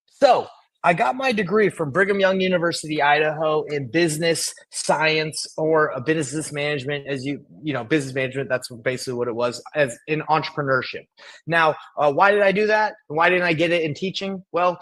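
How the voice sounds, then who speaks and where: An energetic young man runs a live-streamed coaching lesson, talking straight to his viewers with hype and enthusiasm. His voice sits a little high for a man. He speaks from a converted farm workshop. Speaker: real estate wholesaling coach.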